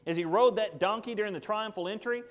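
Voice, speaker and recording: Impassioned preacher in a reverberant hall. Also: male voice, sits high, fast talker. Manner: impassioned, rhetorical questions, shifts from loud to hushed. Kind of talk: sermon.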